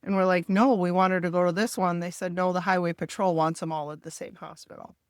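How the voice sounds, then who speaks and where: A middle-aged woman tells a hard family story in a podcast conversation. She talks candidly and with feeling, acting out what others said. Her voice sits a little low and sounds dry and close to the mic. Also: steady tone, fast, clear, resonant tone, no echo. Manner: emotional, candid retelling with quoted dialogue. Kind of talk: personal storytelling in a podcast interview.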